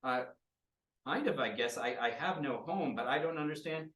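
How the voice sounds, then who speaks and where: A man's voice: a little high, moderate pace, a bit bright, pitched above the performer's own voice, close to an everyday voice. A man voicing a small, innocent female adventurer who asks naive, hesitant questions, heard in a roomy space from a distant mic.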